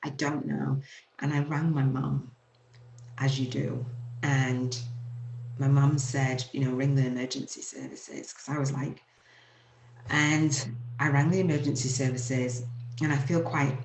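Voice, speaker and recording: Woman in her 40s telling a raw personal story, halting and emotional, lots of ums, roomy echo. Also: extremely low pitch, fairly even intonation. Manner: emotional, halting, with many fillers. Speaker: host. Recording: echoey room.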